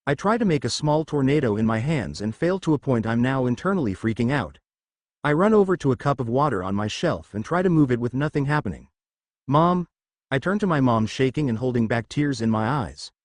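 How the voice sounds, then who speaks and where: A man's voice: medium pitch, animated, a little fast, no echo, clean studio sound. A man narrating a first-person fan fiction story and reading every character's lines in his own voice. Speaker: fanfiction narrator.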